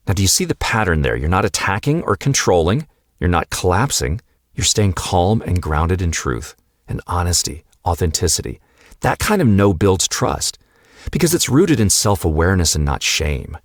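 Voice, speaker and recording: A man hosting a podcast for husbands, speaking in a calm, measured, earnest monologue that builds lists of short repeated phrases. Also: sits low, no room sound, studio quality. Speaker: podcast host, coach for husbands.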